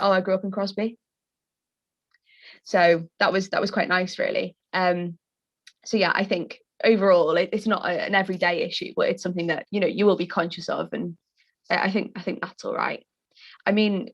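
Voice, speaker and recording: A young woman with a Scouse accent who moderates a student panel, chatty and full of restarts. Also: fairly low pitch. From Liverpool, England. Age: young adult. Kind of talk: casual panel discussion. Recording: muffled lo-fi audio.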